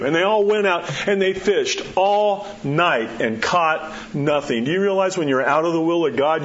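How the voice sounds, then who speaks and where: A man's voice: moderate pace, few pauses. Man preaching a conversational sermon. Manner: conversational preaching, acts out quotes, drops low for emphasis. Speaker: pastor. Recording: dull muffled sound with faint background hiss.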